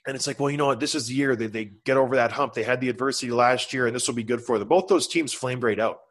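A middle-aged man co-hosting a casual sports talk show, animated and jokey. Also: medium pitch, fast talker. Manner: animated, jokey, bursts into loud bits. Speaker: sports podcast co-host.

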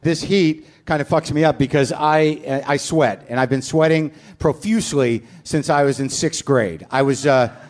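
High-voiced profane comedian host, live. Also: male voice, normal speed, few pauses. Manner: excitable, profane, self-deprecating rants. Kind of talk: live stand-up podcast monologue. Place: live venue with audience.

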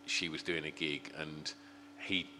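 A man's voice: a bass voice, level tone, unhurried, sharp tone. A man hosting a casual chat, mostly giving short interjections. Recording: roomy reverb, faint hum.

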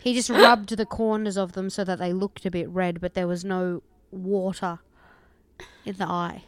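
A woman's voice: lowish voice, steady tone, moderate pace, a little hiss or hum. A young woman co-hosting a casual podcast, chatty and bluntly opinionated. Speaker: podcast co-host. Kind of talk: casual recap chat.

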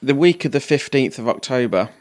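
A man, co-hosting a casual film podcast with dry, teasing remarks and halting fillers. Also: medium pitch, lively intonation, a little mellow. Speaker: podcast co-host.

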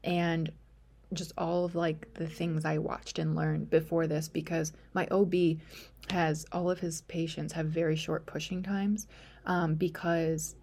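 Woman, low voice, gravelly fry, casual storytelling, chatty with fillers, slips into whispers. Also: little pitch movement, measured pace, darkish tone. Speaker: podcast host.

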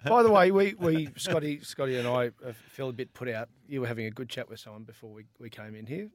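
A man's voice: medium pitch, quick pace, no room sound. A man co-hosting a podcast, prodding the others with teasing questions in casual banter. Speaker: podcast co-host.

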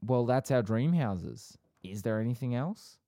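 A man's voice: mid-range voice, animated, a little slow, mellow, no room sound, studio quality. A man co-hosting a podcast in laid-back, joking, rambling chat. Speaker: podcast co-host.

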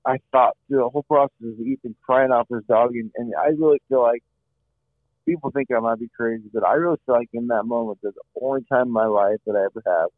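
This interview guest, a middle-aged man with a medium-pitched voice, shares his own story sincerely. There's no echo; the line sounds dry and phone-like. He often says "you know" and circles back over phrases.

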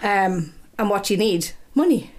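A woman co-hosting a podcast, chatting casually with strong, animated opinions. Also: mid-range voice, measured pace. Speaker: podcast co-host. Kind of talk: casual chat.

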